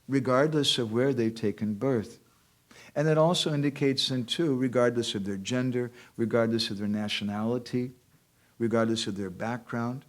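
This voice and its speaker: A man's voice: medium pitch, normal speed. A man giving a devotional class, translating verses line by line and checking in with the audience with short questions. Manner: explains verses line by line, translating each one. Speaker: speaker at a temple class.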